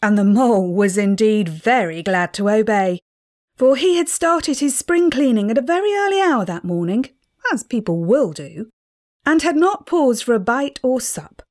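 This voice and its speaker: Expressive woman reading a storybook. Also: a little high, normal speed. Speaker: audiobook reader. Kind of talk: storybook narration.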